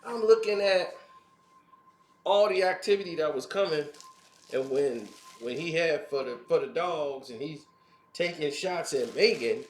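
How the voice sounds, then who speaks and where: Male commentary host, slow and laughing, set in a roomy, echoey space. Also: on the high side, lively intonation, a little hiss or hum. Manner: laughs often, mocking asides. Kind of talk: casual opinion commentary.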